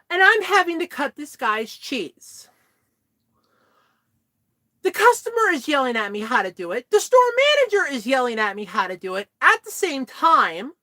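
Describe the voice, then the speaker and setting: Animated high-voiced young woman. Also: dry recording. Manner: animated, exasperated retelling. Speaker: vlogger. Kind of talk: casual chat storytelling.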